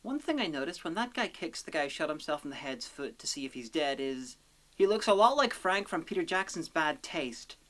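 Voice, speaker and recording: A woman narrating a comedic film review in a sarcastic, deadpan, profane manner. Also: low-pitched, fairly quick, slight background noise.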